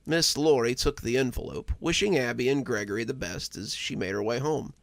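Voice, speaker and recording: A man narrating a cozy horror story in a calm, measured storytelling voice. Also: medium pitch, creaky, no room sound.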